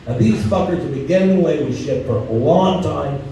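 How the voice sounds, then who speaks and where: A high, mellow-voiced man works a crude stand-up set, acting out the people in his stories. He sounds far from the mic in a very echoey club, with faint room noise behind him. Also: animated, brisk. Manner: crude, storytelling, acts out voices. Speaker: stand-up comedian. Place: comedy club stage, audience laughing.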